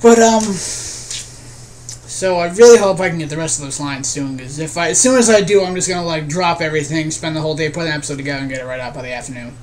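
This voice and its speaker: A man's voice: fairly high pitch, fast, darkish tone, a little hiss or hum. A young man giving a casual, rambling vlog update to his viewers, earnest and often restarting his sentences. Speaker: video creator.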